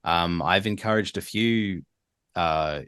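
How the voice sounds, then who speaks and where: An Australian man with a very low voice talks casually as a podcast guest, animated and rambling, full of fillers and restarts. His voice is recorded close and dry, with no room around it. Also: slow, smooth, no room sound. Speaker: voice actor guest.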